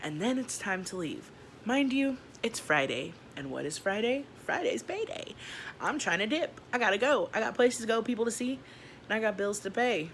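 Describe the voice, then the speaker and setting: Animated, slangy young woman telling a story. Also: a little high, moderate pace, slight background noise. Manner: animated, slangy, acts out each scene. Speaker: vlogger. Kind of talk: storytime vlog.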